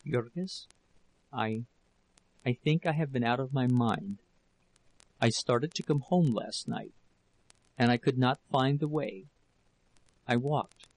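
A man reading the part of a weak, terrified young wife in an audiobook, speaking low, faltering and breathless. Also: measured pace, hardly any pauses, natural voice, low-quality recording. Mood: faltering, afraid.

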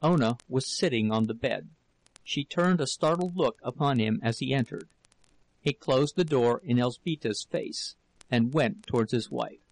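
Gravelly male audiobook narrator. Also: mid-range voice, no room sound, rough recording. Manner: steady, measured reading. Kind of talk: scripted narration.

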